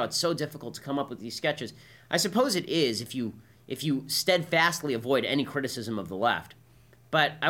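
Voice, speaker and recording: A man's voice: mid-range voice, sharp tone. A man hosting a political commentary show, delivering a combative, emphatic monologue. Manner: combative, emphatic, keeps asking "right?".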